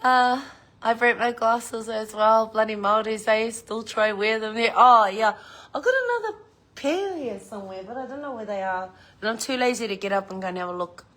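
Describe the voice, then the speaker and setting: A woman's voice: on the high side, normal speed, fairly bright tone. A middle-aged woman, chatting casually on a livestream, laughing often and swearing freely. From New Zealand. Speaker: livestream host.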